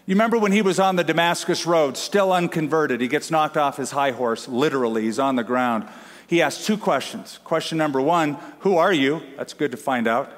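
A man preaching a sermon as a pastor, emphatic, with dramatic pauses and repetition. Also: on the high side. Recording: long hall reverb.

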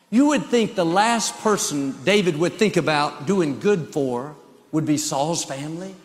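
A man's voice: fairly high pitch, long reverb tail. A male pastor preaching a sermon with an emphatic, repetitive cadence.

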